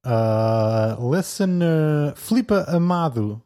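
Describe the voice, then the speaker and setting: A man's voice: fairly high pitch, lively intonation, slow pace, warm tone. A man hosting a weekly podcast, chatting casually with a co-host, laughing often and restarting his sentences.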